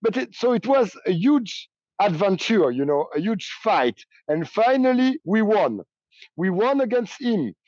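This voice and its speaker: A man with a French accent speaks English haltingly, pausing often to search for words. His voice sits fairly high for a man. He is heard over a dull, muffled remote call line with little room sound. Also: sing-song, darkish tone, no room sound. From France. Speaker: union leader and train operator. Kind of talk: interview answers.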